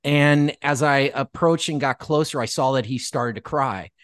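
A male author guest telling a story in casual conversation, halting with many restarts and acting out the dialogue. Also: medium pitch, no room sound, studio quality. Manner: animated storyteller who acts out quoted dialogue.

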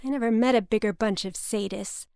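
A woman's voice: fairly high pitch, fairly quick, creaky, darkish tone, clean tone, no echo, studio quality. Woman putting on a brash, brassy paranoid mother. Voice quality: brassy and blunt.

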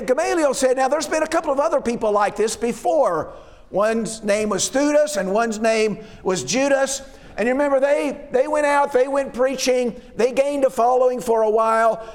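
A man preaching a sermon who often asks rhetorical questions and restarts his words mid-phrase. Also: very high voice. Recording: long reverb of a hall.

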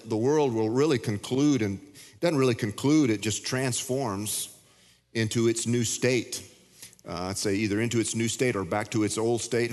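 A man preaches a sermon in a folksy, plain-spoken way, slipping in jokes. His mid-pitched voice carries a long reverb from a large church sanctuary. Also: darkish tone. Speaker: pastor. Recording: long reverb of a big hall.

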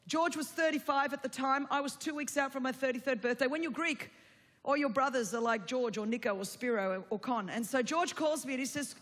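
A woman in her forties delivers a storytelling sermon with a bright, forceful voice. She is chatty and expressive, and her lines are laced with humor. The sound carries a long hall reverb from a large church. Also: high voice, a little fast. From Australia. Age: 40s. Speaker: preacher.

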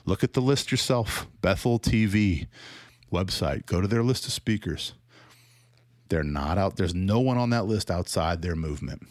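A man from the American South with a Southern accent talks through a critical commentary in a lowish voice. He is sarcastic and laughs often, restarting his sentences as he goes. The sound is dry, with no room echo. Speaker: commentator on church teaching.

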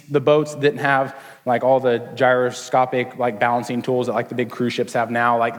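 A young man preaching a casual, joking sermon as a student pastor, slipping into quick voices for the people in his story. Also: fairly high pitch. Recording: long hall reverb.

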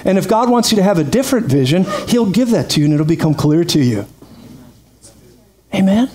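A man preaching a lively sermon, energetic and quick to laugh, calling out praise to his congregation. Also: high voice, a little hiss or hum. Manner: energetic, laughs often, calls out "praise God". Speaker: pastor.

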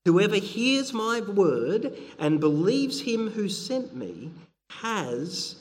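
A man's voice: high voice, very animated, drawn-out words, big-room sound. A middle-aged man preaching a sermon, earnest and conversational, with frequent fillers and restarts.

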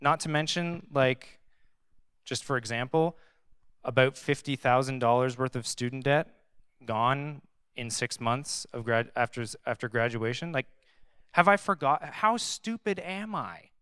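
A young man giving a casual, conversational sermon, reading scripture and adding animated, sarcastic asides. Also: mid-range voice, a little slow, smooth, no echo, studio quality. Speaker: pastor.

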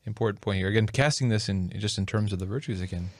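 A man's voice: on the low side, fast, dry recording, clean studio sound. A man hosting a conversation, thinking aloud in a reflective way with restarts. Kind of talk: casual conversation.

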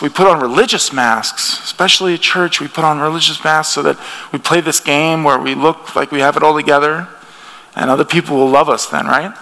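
A man's voice: fairly high pitch, bright, forceful tone. A man from the United States preaching a sermon in an earnest, conversational way, with frequent restarts. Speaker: pastor. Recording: long hall reverb.

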